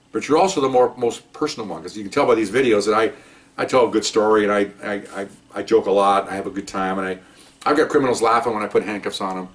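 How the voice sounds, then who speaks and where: An older man with a lowish voice rattles through his old police stories at a brisk clip. He talks casually, joking and checking in with his listener with little "okay?" asides. His voice sits a little back from the mic. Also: far from the mic. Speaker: retired police officer storyteller. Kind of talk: casual first-person storytelling.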